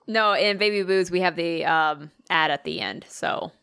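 A woman's voice: fairly low pitch, unhurried, pushed and bright, smooth. A woman co-hosting a casual podcast, rambling and swearing freely with frequent laughs and restarts. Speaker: podcast co-host. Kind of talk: casual chat.

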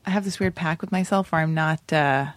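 A woman hosting a podcast, chatting casually and reacting quickly to her guest. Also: deep voice, noisy background. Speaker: podcast host. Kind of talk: casual chat.

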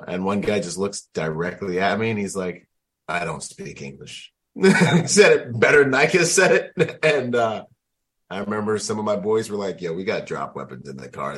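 A man, a military veteran, telling a personal story in a conversational, slangy way with frequent laughter. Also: sits low. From United States. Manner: animated, slangy, laughs often. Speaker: guest, Marine veteran.

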